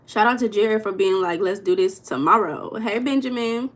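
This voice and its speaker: Casting: young woman, relaxed livestream host, medium pitch, chatty and loose with viewers. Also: moderate pace. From United States. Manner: chatty, greets chat viewers by name. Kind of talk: casual livestream chat.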